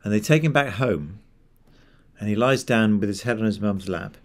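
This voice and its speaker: A man preaching a sermon, retelling a Bible story in a lively, conversational way and voicing the characters as he goes. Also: fairly low pitch, normal speed.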